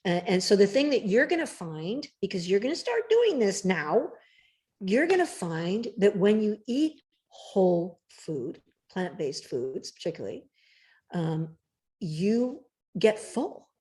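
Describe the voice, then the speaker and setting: A woman author talking emphatically and directly in a casual interview, with a slightly rough morning voice. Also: medium pitch, big pitch swings, slow pace, a little mellow. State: morning voice, clearing throat. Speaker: cookbook author guest.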